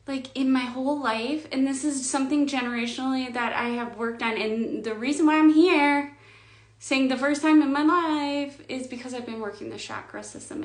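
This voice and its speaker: A woman giving a spiritual coaching monologue, slow and emphatic, often sinking to a hushed whisper. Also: high voice, roomy sound.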